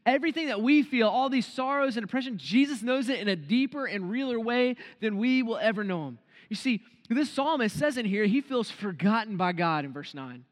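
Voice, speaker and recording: A man preaching an earnest devotional sermon who slows down to stress key phrases. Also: very high-pitched, animated. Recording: long reverb tail.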